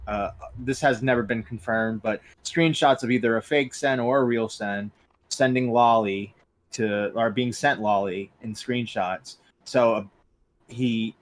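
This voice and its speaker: A man co-hosting a podcast, rambling through a recap of online drama with lots of fillers and cursing. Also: medium pitch. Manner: rambling, profane, restarts and fillers. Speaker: co-host.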